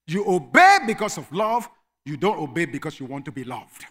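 A man preaching a sermon as pastor, emphatic, dropping to quiet asides and rising to shouted commands. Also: a little high, big pitch swings, brisk.

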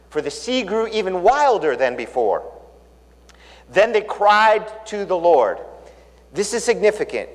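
A man preaching in a large hall, telling the story with lively energy and acting out the voices of its characters. His voice sits a little high and swings widely in pitch, and a long reverb trails behind every phrase. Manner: animated storytelling, acts out characters' lines. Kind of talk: sermon.

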